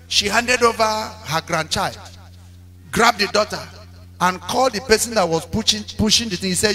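A man preaching a sermon, telling stories with drama and breaking into shouted call-and-response lines. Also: high voice, normal speed. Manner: dramatic storytelling. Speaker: pastor.

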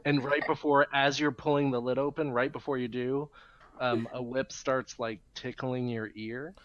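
A man playing in a tabletop game, eagerly describing his character's moves in a lively way. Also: medium pitch, normal speed. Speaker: player. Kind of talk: casual tabletop play. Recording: dull lo-fi recording.

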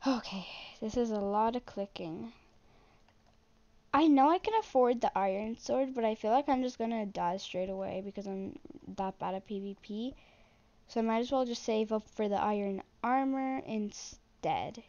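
A young woman commenting on her own gameplay in a flat, self-deprecating way, muttering to herself as she plays. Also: a little high, moderate pace, lo-fi sound. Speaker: gaming channel host.

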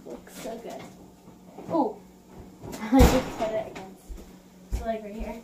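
A woman's voice: a little high, fairly even intonation, takes it slowly, very noisy. Bubbly young woman vlogging in a kitchen. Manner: bubbly, giggly, enthusiastic. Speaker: cooking vlogger. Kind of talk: casual vlog talk to camera. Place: home kitchen.

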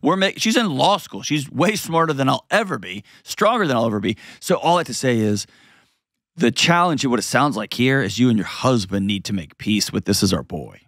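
Animated man hosting an advice show. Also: mid-range voice, no echo, studio quality. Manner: animated, storytelling, frequent restarts and quick asides. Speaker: host giving advice.

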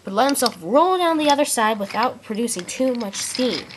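A woman's voice: on the high side, normal speed. Woman reading a train story aloud, noisy recording. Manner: lively, animated character lines between plainer narration. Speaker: storyteller reading all parts. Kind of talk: amateur read-aloud storytelling of a train tale.

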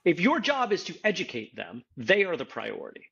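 A man's voice: on the high side, huge pitch swings, a little fast, gravelly, sharp tone, slightly rough, muffled recording. A man hosting a casual podcast discussion, explaining his points earnestly and step by step. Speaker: podcast host, martial arts instructor.

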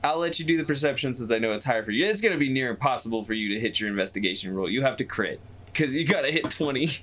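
A man running a tabletop game as dungeon master, easygoing and quick to chuckle. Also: medium pitch, animated, a bit bright. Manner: easygoing, chuckling, hedges rulings.

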